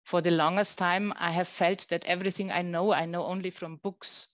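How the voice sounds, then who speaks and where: A woman voicing a restless, eager seventeen-year-old girl traveller, speaking brightly and emphatically. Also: fairly low pitch, little pitch movement, moderate pace, dry recording, close to an everyday voice.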